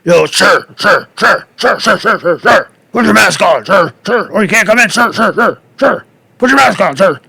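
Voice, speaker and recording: A man's voice: high voice, lively intonation, normal speed, creaky, pushed and bright, slightly rough, pitched above the performer's own voice, exaggerated voice. A man imitating a big, angry male store security guard who keeps insisting and repeating himself. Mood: insistent. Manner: insistent, repeats "sir" over and over.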